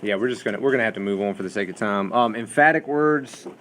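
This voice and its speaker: A man's voice: fairly low pitch, fast talker, fairly bright tone, a little hiss or hum. A man teaching a Bible study class in a classroom, lecturing in a conversational way and asking the students questions, with many fillers.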